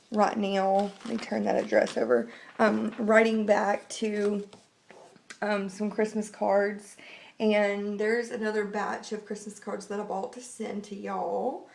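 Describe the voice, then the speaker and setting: A young woman, vlogging casually while getting over the flu, rambling and chatty. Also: vocal fry. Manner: chatty, rambling, acts out quotes in a high voice. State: recovering from flu. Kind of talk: casual vlog chat.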